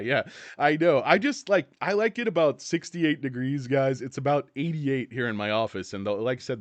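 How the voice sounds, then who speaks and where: A man's voice: mid-range voice, no echo. Rambling, joking man on a dry mic. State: dry-mouthed, voice cracking. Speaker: stock livestream host. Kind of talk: casual livestream chat. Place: hot indoor office.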